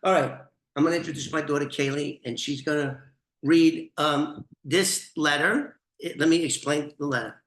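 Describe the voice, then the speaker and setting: A middle-aged man with a New York accent telling an old story, animated and swearing freely. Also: a little high, moderate pace. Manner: animated, swearing, restarts, laughs. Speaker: storyteller, former informant. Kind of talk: casual storytelling to camera. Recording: echoey room.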